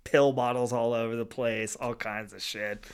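A man's voice: medium pitch, level tone, moderate pace, clean tone. A man who is a guest on a podcast, chatting casually and reacting to the host's story with short comments. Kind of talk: casual chat.

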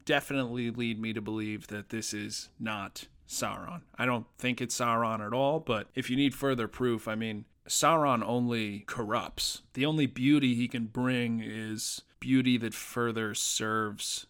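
A man's voice: medium pitch, steady tone, unhurried, few pauses, fairly bright tone, clean tone. A man talking casually as a podcast host, reviewing a TV episode as an enthusiastic fan, with fillers and restarts.

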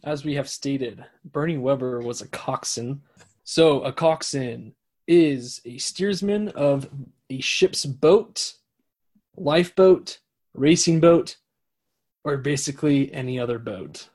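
A man co-hosting a podcast, reading out facts in a measured, explanatory way. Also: medium pitch, darkish tone. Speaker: podcast co-host. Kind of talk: reading facts in casual chat.

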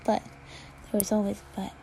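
A woman reading fan fiction aloud at an unhurried pace, dropping to a whisper now and then. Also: mid-range voice, completely flat delivery, creaky, mellow, a little hiss or hum, poor audio. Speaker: reader.

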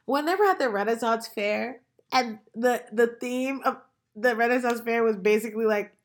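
Young woman, american, giggly, animated, higher voice, casual book chat. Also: normal speed. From United States. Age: young adult. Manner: giggly, animated retelling of plot. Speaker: podcast co-host.

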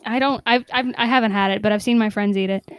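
A woman co-hosting a casual podcast, chatting with halting restarts and easy laughter. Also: mid-range voice, fairly even intonation, clear, resonant tone, dry recording. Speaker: podcast co-host. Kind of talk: casual chat.

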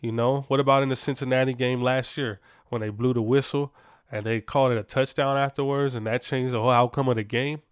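A man's voice: mid-range voice, steady tone, a little fast, smooth, dry recording, studio quality. A man hosting a sports podcast, giving casual, opinionated takes with lots of fillers and restarts.

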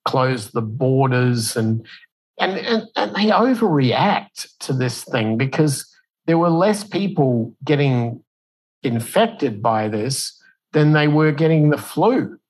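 A man talking casually as an interview guest, spinning a long explanation like a story. He stumbles and restarts now and then, and jumps his voice up high when he acts out what others said. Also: takes it slowly, poor audio. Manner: animated storyteller who acts out quotes in a raised voice; loose delivery with fillers and restarts.

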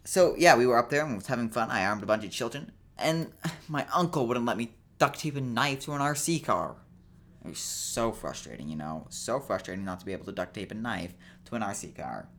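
A man's voice: mid-range voice, lively intonation, brisk, a bit bright. A young man hosting a casual solo podcast, rambling and joking in a self-deprecating way, sounding a bit tired. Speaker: podcast host.

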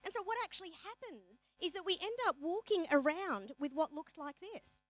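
Woman, motivational speaker, high voice, animated storyteller, dry sound. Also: normal speed, no echo, poor audio. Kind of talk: motivational talk.

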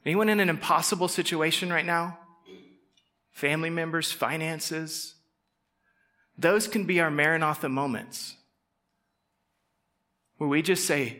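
Bright, lively-voiced male preacher. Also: fairly high pitch. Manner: conversational, acts out quick quoted voices, drops to soft intense tones. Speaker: pastor. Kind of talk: casual sermon.

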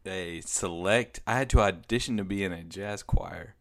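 Low-voiced young man telling anecdotes. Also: normal speed, creaky, fairly bright tone. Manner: upbeat, encouraging anecdote-teller. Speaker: podcast co-host. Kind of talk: casual chat.

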